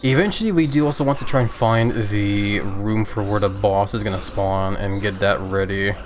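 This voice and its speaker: A man streaming a game, talking casually and rambling through his play with loose, easygoing swearing. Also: medium pitch. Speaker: livestreaming gamer. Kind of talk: casual gameplay commentary.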